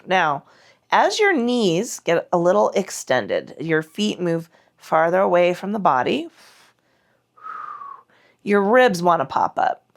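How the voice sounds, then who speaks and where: A woman's voice: fairly low pitch, sing-song, slow, creaky. A woman leading a mat Pilates class, cueing breath and form while doing the moves herself, her breath a little strained from the effort. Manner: cueing breath and form, speaking against muscle contraction. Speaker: Pilates instructor.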